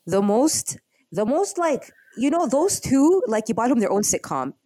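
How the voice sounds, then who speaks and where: A woman's voice: fairly high pitch, measured pace, no echo. A young woman chatting casually as a podcast co-host, retelling a TV drama and acting out the characters. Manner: animated storyteller acting out characters' lines. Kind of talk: casual chat.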